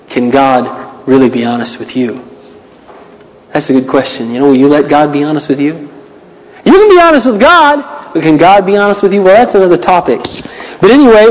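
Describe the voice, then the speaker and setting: A pastor delivering a conversational, emphatic sermon, climbing high when he reads the Psalms aloud. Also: darkish tone, in a large hall, poor audio.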